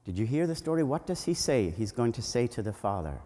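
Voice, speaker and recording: A male priest giving a children's homily at a family Mass, telling a story with lively energy and asking the children questions. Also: medium pitch, a little fast. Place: church. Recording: long church reverb.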